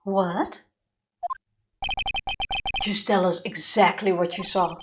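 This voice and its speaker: A woman reading a stiff young male prosecutor's game lines aloud in a measured, plain way, with game music underneath. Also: on the low side, fairly even intonation, pitched below the performer's own voice. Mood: stern.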